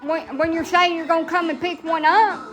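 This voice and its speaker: A woman's voice: extremely high pitch, fairly even intonation, normal speed, fairly bright tone, soft background music. A middle-aged woman from Alabama with a Southern accent, chatting casually in a blunt, salty, profane way and laughing at herself. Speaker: vlogger. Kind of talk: casual rambling chat.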